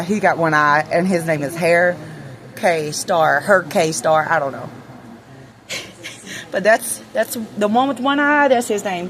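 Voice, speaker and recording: A woman's voice: deep voice, a little hiss or hum. A woman vlogging casually in her backyard, nervous and swearing as she talks to her chickens. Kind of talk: casual chat. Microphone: handheld phone camera.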